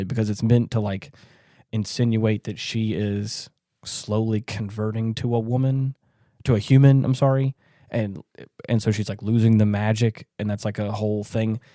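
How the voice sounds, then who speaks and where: Animated rambling man, dry sound. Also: no echo. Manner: rambling, animated, acts out quotes in high voices. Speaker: podcast co-host. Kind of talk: casual film discussion.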